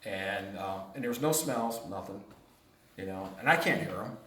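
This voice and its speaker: A man telling a rambling, animated story to a small group in casual chat, laughing often. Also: sits low, moderate pace. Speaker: retreat guest telling his story. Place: home on a mountain top. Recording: roomy sound from far off.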